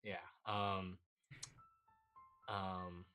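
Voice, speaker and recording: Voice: sits low, little pitch movement, very slow, pushed and bright, clean tone, faint music behind, low-quality recording. A player in a tabletop game, thinking aloud hesitantly about what their character does.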